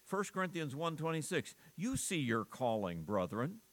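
A man's voice: a little high, very animated, moderate pace, a bit bright. A male pastor preaching an earnest sermon, asking the congregation rhetorical questions and often restarting his phrases.

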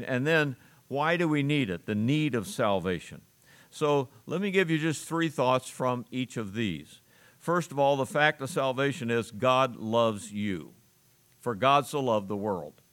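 A man preaching a sermon as pastor in a church, measured and explanatory, stressing key words. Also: mid-range voice.

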